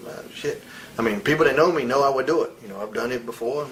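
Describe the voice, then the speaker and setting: A man's voice: mid-range voice, fast, fairly bright tone, a little hiss or hum, low-quality recording. Blunt, profane man telling heated stories. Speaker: interviewee, wrestler. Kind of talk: candid shoot interview.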